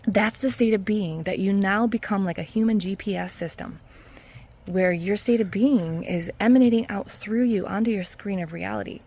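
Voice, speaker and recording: A woman hypnotherapist talking casually in a self-help vlog, earnest and encouraging, with soft laughs. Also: medium pitch, normal speed, slightly rough. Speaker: hypnotherapist and mindset coach.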